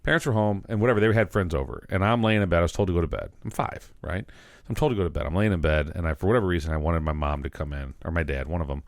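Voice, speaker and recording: A man hosting a podcast, telling a childhood story in casual chat, animated and profane, mimicking voices in the story. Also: low-pitched, racing, dry recording, studio quality. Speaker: podcast host.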